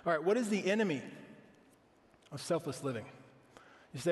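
A man's voice: on the high side, lively intonation, quick pace, long pauses, in a large hall. A man in his thirties, a pastor preaching a sermon in an earnest, conversational way, often asking the congregation questions.

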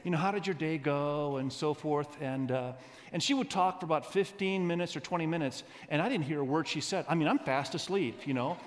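A man preaching a sermon as pastor, animated and leading the congregation in call-and-response. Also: on the high side, a little fast. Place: large church. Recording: church sound with long hall reverb.

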